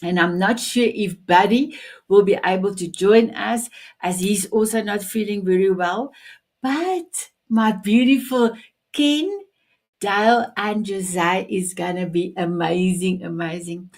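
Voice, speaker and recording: A woman's voice: mid-range voice, takes it slowly. A woman hosting a live online talk show, effusive and rambling, just recovering from food poisoning. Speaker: show host.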